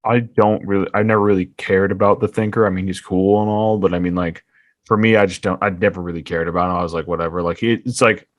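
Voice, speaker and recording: Low-ish voice, dude rambling on a podcast, says like a ton. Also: male voice, fairly even intonation, fast, no room sound, studio quality. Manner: loose, rambling, heavy on "like". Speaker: podcast co-host. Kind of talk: casual chat.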